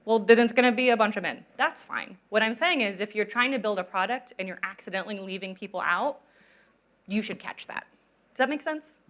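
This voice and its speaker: A woman's voice: mid-range voice, brisk, a bit bright. A woman lecturing on narrative design at a conference, taking audience questions and checking in with listeners often. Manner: conversational, checks in with "right?" often.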